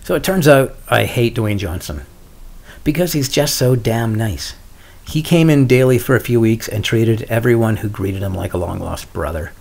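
A middle-aged man hosting a solo podcast, talking in a wry, deadpan way with sarcastic asides. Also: mid-range voice, moderate pace, gravelly. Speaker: podcast host.

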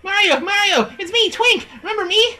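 A tiny, eager star creature, as a woman puts him on, chirps in a very high, excited voice. He talks in a breathless, urgent rush, and the voice is bright. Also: moderate pace, full character voice. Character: small eager male star spirit helper. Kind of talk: game let's play, reading dialogue aloud.

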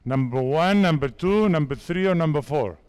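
A man in his fifties from Spain, a basketball coach speaking halting English with a Spanish accent as he directs players through drills at a clinic. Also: a little high, lively intonation, a little mellow, smooth. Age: 50s. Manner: halting non-native English, repeats phrases, directs players.

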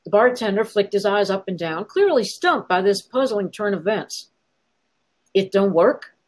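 A woman author reading her own fiction aloud in a wry, sardonic, expressive way. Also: medium pitch, moderate pace, rough recording. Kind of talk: dramatic story reading.

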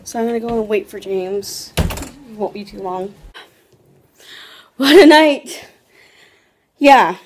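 A woman's voice: mid-range voice, moderate pace. A young woman vlogging casually into her phone camera, telling a rambling story full of "like" and restarts. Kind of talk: casual chatty vlog.

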